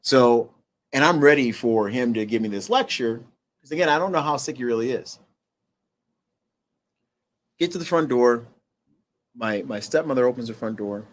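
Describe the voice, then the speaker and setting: A middle-aged man, a guest on an interview show, telling a personal story in a halting way with restarts and fillers, going quieter at the heavy parts. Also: mid-range voice, animated.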